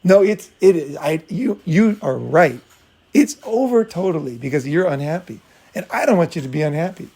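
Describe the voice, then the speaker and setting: Brief: animated, blunt dating coach, a man with a gravelly, slightly high voice who acts out scenes. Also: moderate pace. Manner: animated, acts out both sides, blunt and profane. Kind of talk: casual talk with acted-out scenes.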